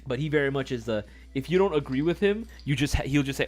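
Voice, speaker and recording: A man hosting a casual live-stream sales chat, playful and quick to swear. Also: mid-range voice, animated, faint music behind.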